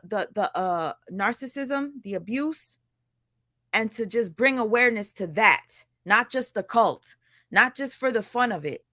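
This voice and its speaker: Bright, blunt woman commentator. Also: on the high side, no room sound, studio quality. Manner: blunt, sarcastic, profane. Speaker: drama commentary narrator. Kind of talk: casual commentary voice-over.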